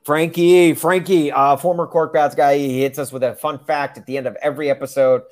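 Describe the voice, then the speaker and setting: A man co-hosting a casual sports podcast, animated and laughing, repeating phrases for emphasis. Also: fairly high pitch, fairly quick. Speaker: podcast co-host.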